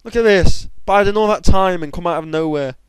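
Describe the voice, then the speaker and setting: A young man giving excitable commentary over his own game, bursting into high shouts at times. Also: fairly quick, clear, resonant tone, dry recording, low-quality recording. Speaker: gamer. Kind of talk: gameplay commentary.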